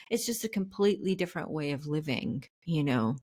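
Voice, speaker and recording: A woman's voice: sits low, lively intonation, moderate pace. A woman speaking as a podcast guest and spiritual coach, earnest and reflective as she talks openly about feelings. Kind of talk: casual interview conversation.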